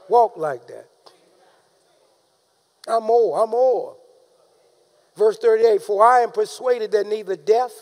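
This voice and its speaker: A man preaching a sermon, calling out to the congregation and rising into shouted emphasis. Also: sits high. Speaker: pastor.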